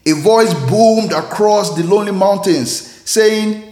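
Slow, earnest male preacher. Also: high voice, mellow, reverberant. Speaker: host and preacher. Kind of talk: devotional sermon.

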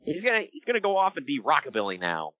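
Lively, bright-voiced male podcast host. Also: on the high side, quick pace, dry recording, highs cut off. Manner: animated storyteller, laughs often, breaks into voices. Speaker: podcast host recapping wrestling. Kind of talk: casual chat.

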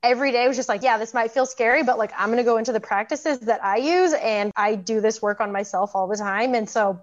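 A woman's voice: a little high, quick pace. Chatty woman, muffled lo-fi sound. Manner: chatty, lots of fillers, laughs often. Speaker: program graduate guest. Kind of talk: casual personal story.

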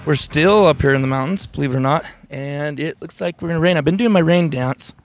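A man hosting a casual podcast while camping in the mountains, talking in a rambling, relaxed way with lots of fillers. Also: a little high, a little fast, faint music behind. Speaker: podcast host.

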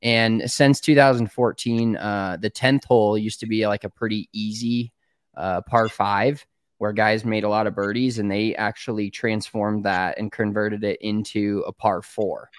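A man's voice: lowish voice, fairly even intonation, unhurried, no echo, studio quality. A man co-hosting a golf podcast, talking in rambling casual chat with frequent hesitations. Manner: rambling, hesitant, lots of ums.

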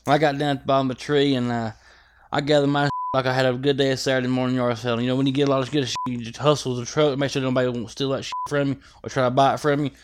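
Animated man telling a story. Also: mid-range voice, very fast, noisy background. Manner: animated, profane, acts out scenes. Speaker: guest. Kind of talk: casual storytelling chat.

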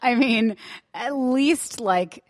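A woman's voice: on the high side, extremely slow, no echo. A woman chatting casually as a podcast co-host, adding wry, joking asides about parenting. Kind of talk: casual chat.

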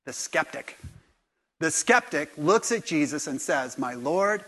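Lively high-voiced male preacher. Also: measured pace, slightly rough. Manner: animated, acts out dialogue with sudden loud bursts. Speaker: pastor. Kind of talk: sermon. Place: church.

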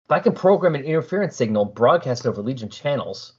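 A man's voice: mid-range voice, lively intonation, quick pace, slightly rough, muffled recording. A man voicing a cold, calculating male alien leader who speaks in a cool, dismissive way. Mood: matter-of-fact.

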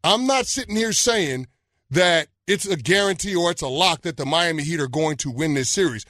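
A man's voice: sits high, fairly bright tone, no room sound, clean studio sound. A man co-hosting a sports talk show, arguing his points emphatically with stumbling restarts. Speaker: sports radio co-host.

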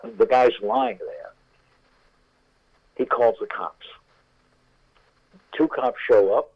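A man's voice: mid-range voice, fairly even intonation, slow pace. An older man and guest storyteller, telling an anecdote unhurriedly and acting out the characters over a tinny phone line.

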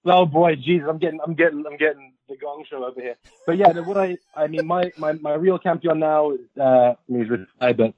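A man's voice: a little high, fairly even intonation, fairly quick, few pauses. A man from England with a West London received pronunciation accent, chatting playfully as a podcast guest and poking fun at himself. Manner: playful, self-mocking rambling. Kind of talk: casual podcast chat. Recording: tinny phone-like line.

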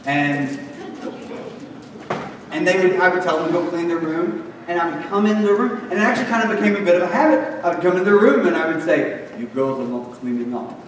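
A man's voice: high-pitched, a little fast, noisy background. A man preaching a sermon, chatty and joking, then pressing his points with emphatic lists. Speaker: pastor. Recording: echoey hall, mic far off.

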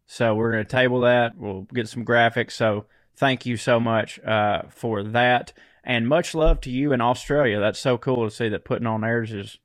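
A man's voice: mid-range voice, normal speed, hardly any pauses, no room sound, clean studio sound. A man, co-hosting a podcast in casual, laid-back chat, reading listener mail aloud and laughing often. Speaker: podcast co-host.

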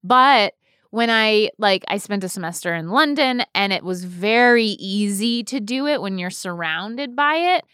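Chatty woman with a smooth, dry voice. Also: medium pitch, animated, a little slow, fairly bright tone, no echo. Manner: rambling, chatty, many fillers. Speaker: podcast co-host. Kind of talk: casual chat.

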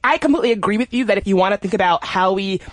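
A woman's voice: mid-range voice, racing, no echo. A woman co-hosting a podcast, chatting casually with enthusiasm and emphasis. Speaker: podcast co-host. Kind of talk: casual chat.

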